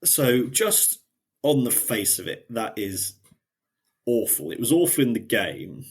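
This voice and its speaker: Very animated yet unhurried, this podcast co-host speaks at a medium pitch with a slightly rough edge. In casual chat he walks through scenes from a show, lightening his voice whenever he quotes a character.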